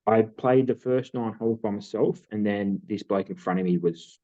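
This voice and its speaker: A man's voice: on the low side, normal speed, warm tone. A man, co-hosting a podcast and telling a long story in casual chat, full of fillers. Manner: rambling storytelling with many fillers. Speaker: podcast co-host. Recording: tinny phone-like sound.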